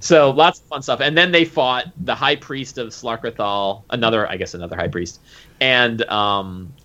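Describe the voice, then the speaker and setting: A man who runs a tabletop game, recapping a session in casual, animated chat with lots of fillers. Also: mid-range voice, moderate pace. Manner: animated, full of fillers and acted quotes. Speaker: game master. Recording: dull lo-fi recording.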